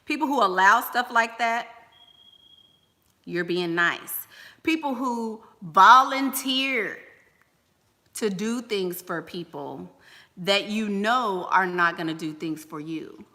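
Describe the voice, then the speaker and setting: A woman's voice: medium pitch, animated, slow, bright, forceful tone, long reverb tail. A woman giving life-coaching advice on a livestream, blunt and emphatic, firing rhetorical questions.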